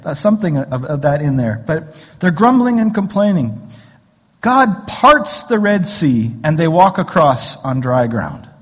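A man's voice: a little high, big pitch swings, unhurried, husky. A man pastor giving a conversational sermon in a church sanctuary, with joking asides and rhetorical questions, heard with long hall reverb.

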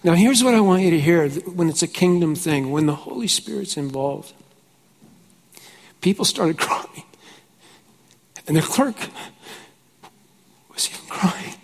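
A high-pitched male pastor preaching at a conference, telling stories in a chatty way and checking in with "right?" as he goes. He laughs often and grows fervent as he preaches. His voice rings out through a large hall with a long echo tail. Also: lively intonation, measured pace, long pauses. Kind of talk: conference sermon with personal storytelling.

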